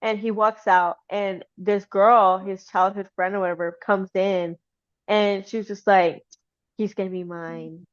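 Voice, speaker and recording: A woman hosting a casual chat, retelling a story in an animated way with many "like" fillers. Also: mid-range voice, a little slow. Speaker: host. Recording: slightly dull lo-fi sound.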